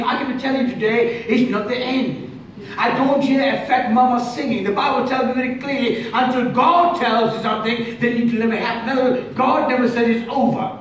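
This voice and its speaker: A man preaches with a very high voice, shouting out some points and then dropping low and soft. He is heard from a distance in a big, echoing church hall with faint noise underneath. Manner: shouting, emphatic preaching with sudden drops to quiet. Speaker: pastor. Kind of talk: sermon.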